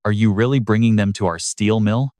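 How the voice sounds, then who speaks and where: Male narrator voicing a fearful captive young woman, urgent and pleading, low dry read. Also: steady tone, a little fast, darkish tone, no echo, close to an everyday voice. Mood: alarmed.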